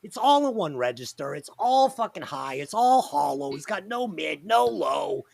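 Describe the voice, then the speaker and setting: A man hosting a podcast and running a quiz, talking in a profane, animated way. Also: on the high side, normal speed, gravelly, no room sound. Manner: animated, profane, quizzing the others. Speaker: podcast host. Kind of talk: casual chat.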